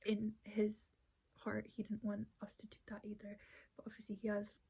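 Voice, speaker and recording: Breathy woman telling a personal story. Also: medium pitch, completely flat delivery, normal speed, dark tone, low-quality recording. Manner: earnest, retells conversations at length.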